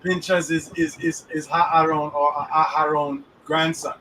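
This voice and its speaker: The voice is on the high side, sharp and level, moving a little slowly, as a man hosts a relaxed chat about the weekly Torah portion. He's in a moving car, recorded by a distant mic with faint road noise, and uses street slang while regularly checking that the listener follows.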